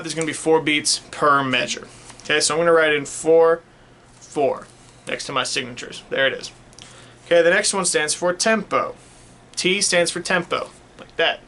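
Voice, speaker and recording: Brief: male music teacher, bright, slightly high voice, patient classroom explainer, faint hiss behind. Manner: patient, checks in with "okay?". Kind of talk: casual classroom instruction.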